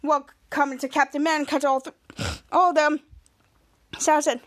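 A woman podcast host giving a casual, halting recap of a TV episode, full of restarts. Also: sits high, level tone. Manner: rambling, halting narration with restarts.

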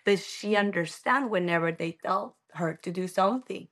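A woman from Ecuador, a native Spanish speaker with a Spanish accent, appears as a guest in a casual interview. Her mid-range, fairly bright voice moves at a moderate pace, and she laughs often while telling family stories.

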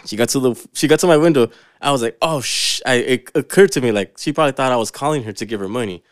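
A man's voice: mid-range voice, fast talker, clear, resonant tone, no room sound, studio quality. Laid-back slangy man telling stories. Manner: laid-back slangy storytelling, swears a lot. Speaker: podcast co-host. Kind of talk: casual chat.

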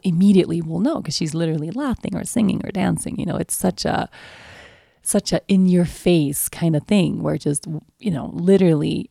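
A woman's voice: lowish voice, creaky, dark tone, breathy edge, no room sound, studio quality. A woman in her thirties, speaking as a parent in a candid, reflective monologue full of "you know" fillers.

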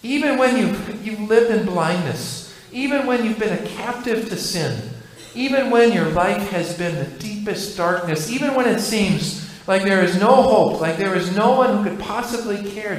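Male pastor, high voice, earnest repetitive sermon cadence, very echoey church hall. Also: expressive, a little slow, slight background noise. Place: church sanctuary.

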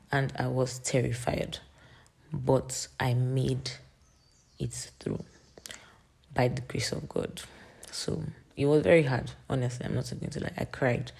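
A young woman in her late teens talks through a faith podcast monologue. Her voice is dark and husky with a gravelly edge. She stays earnest and rambling, full of fillers. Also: very deep voice, lively intonation, measured pace, pauses often. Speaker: podcast host.

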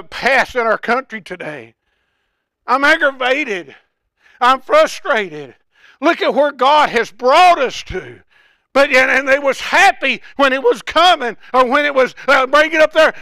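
An older man preaching a folksy, impassioned sermon that swells into shouts. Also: very high voice, no room sound, clean studio sound.

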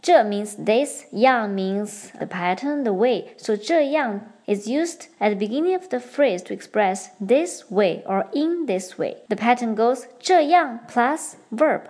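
A young woman hosting a podcast lesson, explaining Chinese patterns clearly and switching between English and Mandarin. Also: on the high side, lively intonation, measured pace, few pauses, a little mellow. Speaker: podcast host and Chinese teacher. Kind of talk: bilingual language lesson.

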